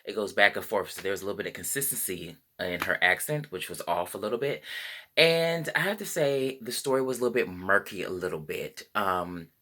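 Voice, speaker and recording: A man's voice: on the low side, brisk, sharp tone. A man giving a casual spoken movie review, rambling with frequent fillers and self-corrections. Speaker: film reviewer.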